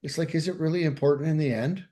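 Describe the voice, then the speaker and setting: A man's voice: fairly high pitch, fast, dark tone. A man co-hosting a podcast, telling a candid, self-deprecating story in casual conversation. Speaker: podcast co-host.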